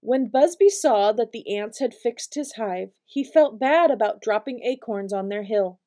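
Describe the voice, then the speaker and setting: A woman reading a picture book aloud to preschool children, with expressive storytelling. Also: a little high, a little slow. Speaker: storytime reader.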